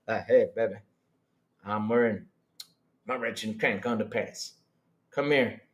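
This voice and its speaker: A man voicing a sleazy flirting man in a low, crooning, seductive drawl. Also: a little slow, close to an everyday voice. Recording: roomy echo.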